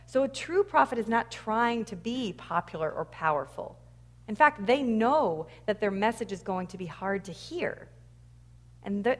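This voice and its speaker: A woman preacher giving a sermon, telling stories and acting out quoted lines with energy. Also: fairly high pitch. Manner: animated storytelling, acts out quoted lines loudly. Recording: long reverb of a large hall.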